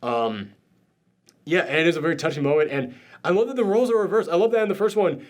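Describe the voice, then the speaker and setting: Man, fairly high voice, teary and choked up, gushing, casual spoiler chat. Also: fast talker. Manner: emotional, gushing, swears freely. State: tearful, choked up. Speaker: host. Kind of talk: excited spoiler discussion.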